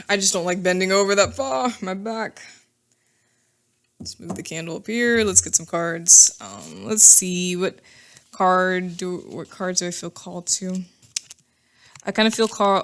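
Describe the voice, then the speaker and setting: A woman giving a casual tarot reading to camera, chatty and thinking aloud, often laughing at herself. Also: fairly low pitch. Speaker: tarot reader.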